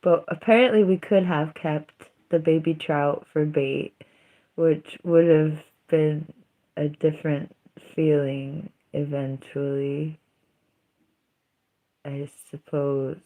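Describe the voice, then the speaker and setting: A woman's voice: sits low, fairly even intonation, takes it slowly, phone-quality sound. A young woman chatting casually on her livestream, rambling, giggling and trailing off.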